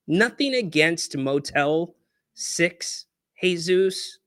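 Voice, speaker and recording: A man hosting a pregame sports show, joking and teasing his viewers in an animated, playful way. His voice sits a bit high for a man, recorded close and dry with no room sound. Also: a little slow, dry recording. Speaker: sports podcast host. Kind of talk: casual pregame chat with callers and chat. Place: hotel room, on location.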